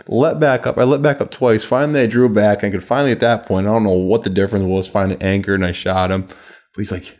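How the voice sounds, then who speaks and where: A man, a podcast guest, telling a hunting story in a halting, restarting way. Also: on the low side. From United States. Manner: halting, restarts, drops quiet then bursts loud in quoted yelling. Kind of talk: casual storytelling chat.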